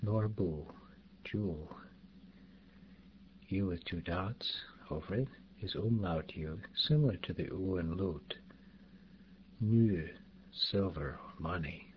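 A man teaching pronunciation in a slow, deliberate way, spelling out sounds and repeating example words. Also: low-pitched. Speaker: language teacher. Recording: dull lo-fi recording, faint background noise.

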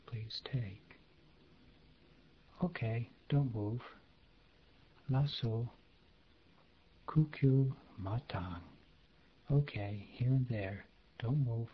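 A man reading a language lesson aloud, slowly and carefully, giving word-by-word glosses. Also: on the low side, dull audio, a little hiss or hum. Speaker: language teacher.

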